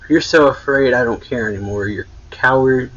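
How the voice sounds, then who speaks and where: A man reading the lines of a cold, contemptuous male military instructor aloud, a little louder and higher than his own talk, with a husky voice on dull lo-fi audio. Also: normal speed, lightly acted. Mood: scornful.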